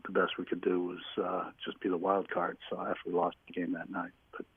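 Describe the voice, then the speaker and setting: A man phones in from a small home office and tells long anecdotes, circling back and restarting as he goes. His voice sits low with a husky edge. The line is tinny and dry, like a phone call. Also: monotone, fairly quick, dry recording. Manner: rambling storyteller with restarts. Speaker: guest telling stories, former team staffer. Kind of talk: phone-in radio interview, anecdotes.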